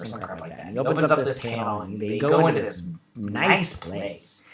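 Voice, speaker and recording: A man's voice: medium pitch, animated, a little fast, few pauses, echoey room. Guy rambling thru an episode recap, um and uh everywhere, crowd noise behind. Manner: rambling, many fillers and restarts. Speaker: show host. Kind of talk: casual episode recap review.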